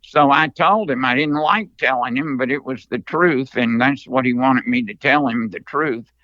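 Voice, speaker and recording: An older man telling stories from long ago as an interview guest, in a slow, earnest manner. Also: mid-range voice, dry recording, lo-fi sound. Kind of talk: storytelling interview.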